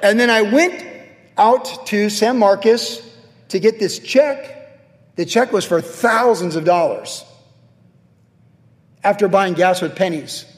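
A man preaching a sermon as a pastor, telling personal stories with animated swings in pitch and volume. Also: slow pace, long pauses. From California. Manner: animated storytelling with sudden jumps in pitch and volume. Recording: long reverb from a large hall.

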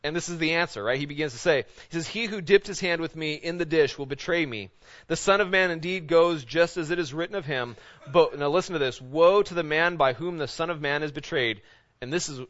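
A man preaching a sermon as a pastor, his voice a little higher than most men's. He asks one rhetorical question after another and keeps checking in with "right?". He swings from loud emphasis down to low, hushed intensity, and the recording sounds dull and lo-fi.

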